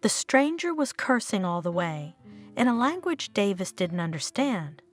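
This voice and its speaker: A woman narrating a scripted story in a steady storybook reading manner. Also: medium pitch, normal speed. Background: faint guitar music.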